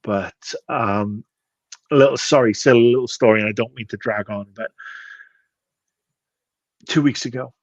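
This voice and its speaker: A man's voice: mid-range voice, moderate pace, pauses often, no room sound, muffled recording. A man co-hosting a podcast, talking in a casual, rambling way and often stopping to restart his sentences. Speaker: podcast co-host. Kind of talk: casual chat.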